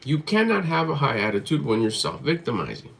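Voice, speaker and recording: A man's voice: mid-range voice, very animated, fairly quick, gravelly. A man giving a motivational talk to camera in a blunt, emphatic way, swearing freely and hammering his points through repetition. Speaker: motivational vlogger.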